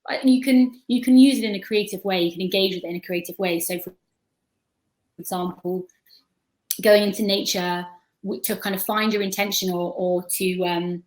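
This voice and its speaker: A woman's voice: mid-range voice, fairly even intonation, moderate pace, darkish tone, poor audio. A woman on a video-call panel, talking at length in a thoughtful, chatty way and often restarting her words.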